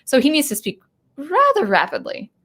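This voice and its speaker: A woman hosting a live-stream commentary, answering chat and thinking aloud with halting restarts. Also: high-pitched, huge pitch swings, pushed and bright. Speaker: channel host and teacher.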